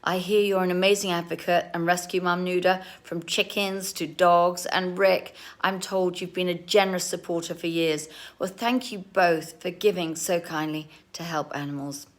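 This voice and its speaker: A woman's voice: fairly low pitch, fairly even intonation, moderate pace, hardly any pauses. A woman presenting a polished, scripted thank-you to event sponsors. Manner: gracious, polished delivery. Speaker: celebrity presenter.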